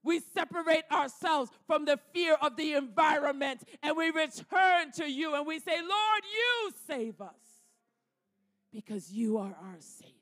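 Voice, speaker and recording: Fervent high-voiced woman leading prayer. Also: fairly bright tone. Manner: fervent, declaring and repeating lines. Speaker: pastor. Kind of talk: sermon prayer.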